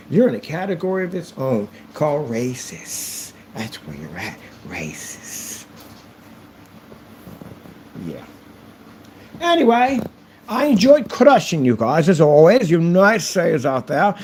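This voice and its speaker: Boastful taunting man with a lively voice. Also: medium pitch, slight background noise. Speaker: channel creator reviewing projector screens. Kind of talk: ranting to camera.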